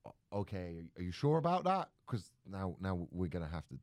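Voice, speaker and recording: Animated man telling stories, dry sound. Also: low-pitched, normal speed, no echo. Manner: animated storyteller, acts out voices, swears. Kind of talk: casual chat.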